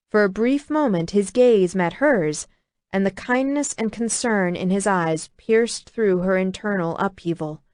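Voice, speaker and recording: A woman narrating an audiobook with a steady, even reading. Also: medium pitch, dry recording, studio quality. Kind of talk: scripted narration.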